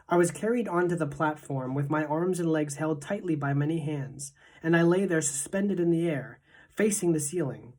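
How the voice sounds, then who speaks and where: Teacher narrator, female, deep-pitched, steady expressive storybook reading. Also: moderate pace.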